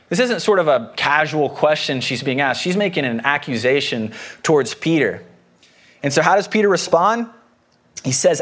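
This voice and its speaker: Higher-voiced man preaching conversationally. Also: very animated, a little fast, fairly bright tone. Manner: conversational, explains with homely personal anecdotes. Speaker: pastor. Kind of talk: sermon.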